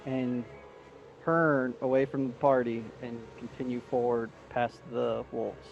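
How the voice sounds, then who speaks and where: Slow-talking male player, muffled audio. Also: mid-range voice, steady tone, vocal fry, a little hiss or hum. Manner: slow, deliberate description of his character's actions. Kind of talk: tabletop role-play narration.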